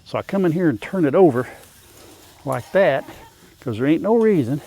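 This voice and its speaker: A man's voice: fairly high pitch, expressive, moderate pace, dark tone. An older man, chatting casually to viewers and his animals while doing farm chores outdoors. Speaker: farm vlogger.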